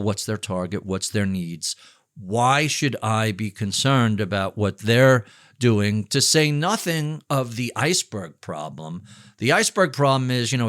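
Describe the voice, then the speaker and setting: A middle-aged man answering interview questions, telling lively, jokey stories about spending and investing. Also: mid-range voice, no echo, studio quality. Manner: animated storyteller, jokey asides, conversational. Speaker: author and investment firm chief.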